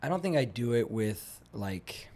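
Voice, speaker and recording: Animated man telling stories on a podcast. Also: medium pitch, measured pace. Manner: animated storyteller, acts out dialogue; rambling with frequent restarts and fillers. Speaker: guest, fitness instructor. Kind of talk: casual podcast conversation.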